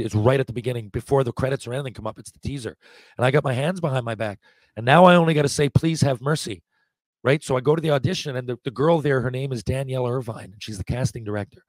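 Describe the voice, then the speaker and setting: A man in his forties, a podcast guest, telling lively anecdotes in casual talk, acting out what people said and often restarting his sentences. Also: mid-range voice, dry recording. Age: 40s. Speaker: podcast guest, former hockey player. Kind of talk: casual storytelling.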